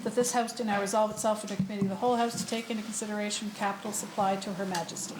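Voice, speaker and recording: A woman minister moving a formal motion in a legislature, reading it off rapidly. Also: mid-range voice, steady tone, echoey room, heavy background noise. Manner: rapid and formulaic. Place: legislative chamber.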